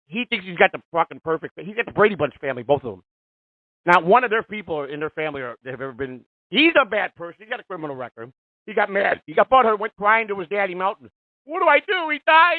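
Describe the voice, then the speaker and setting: Fifties guy radio host cussing and ranting, pretty high voice, thin phone-ish sound. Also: lively intonation, quick pace, no room sound. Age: 50s. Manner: profane, heated, confrontational ranting. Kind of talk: live call-in radio rant. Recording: tinny phone-like, dry sound.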